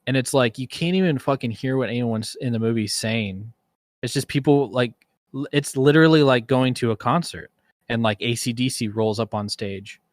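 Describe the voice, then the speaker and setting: A man in a relaxed podcast conversation, his speech full of stops, restarts and bursts of laughter. His voice sits at a middle pitch. The recording is dry and close. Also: moderate pace, dry recording. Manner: rambling, laughs often, many restarts. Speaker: podcast co-host. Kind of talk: casual chat.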